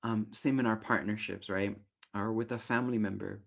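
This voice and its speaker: Here a young adult man teaches a relationship workshop, animated and informal, acting out quoted thoughts in playful voices. His voice is fairly low with vocal fry, and he talks at a normal speed.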